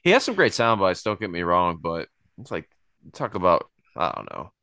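Male podcast host, very low voice, smooth, dry close mic, relaxed rambling delivery. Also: normal speed, dry recording. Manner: laid-back, rambling, laughs often. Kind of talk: casual sports podcast chat.

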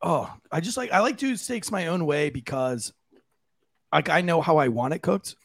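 A man's voice: a little high, animated, normal speed, vocal fry, fairly bright tone, no room sound. A man hosting a podcast, chatting casually, telling stories with laughter and plenty of swearing. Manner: laughing, storytelling, swears freely. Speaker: podcast host. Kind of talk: casual chat.

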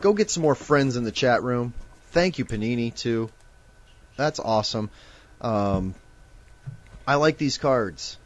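A chatty man in his thirties from Nebraska hosts a live sports card stream. He talks at an ordinary mid pitch, rattling off giveaway lists and jokes with his viewers. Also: animated, unhurried, long pauses. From Omaha, Nebraska. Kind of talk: casual live-stream chat.

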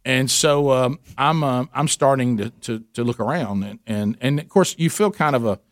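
An older man spins a long story in casual chat, slipping into the voices of the people he quotes. His voice sits at an everyday middle pitch. The sound is close and dry, with no room around it. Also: moderate pace, dry recording. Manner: animated anecdote-telling, acting out quoted people.

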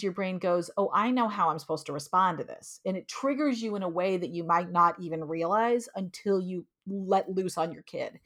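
A middle-aged woman, an author and guest in an interview, talking in an expressive, emphatic way with lively quoted asides. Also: mid-range voice. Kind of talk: casual interview conversation.

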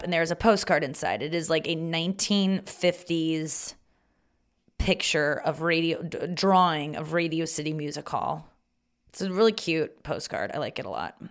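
A woman hosting a podcast in a rambling, casual monologue, swearing freely and joking at her own expense. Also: low-pitched. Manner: chatty, rambling, profane and self-mocking. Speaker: podcast host.

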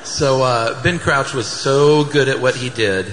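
A man co-hosting a live podcast on stage, telling a story casually in a chatty, animated way. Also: medium pitch, a little slow. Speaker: podcast co-host. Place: theater stage before a live audience. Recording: live hall with long reverb.

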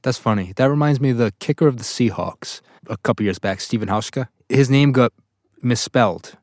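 A man's voice: mid-range voice, brisk, no room sound, clean studio sound. A man as a guest on a podcast, good-humored, telling stories in casual chat. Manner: good-humored, animated storyteller.

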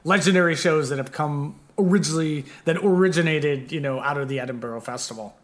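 A man hosting a podcast in casual, rambling chat, animated and quick to laugh. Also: on the high side. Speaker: podcast host.

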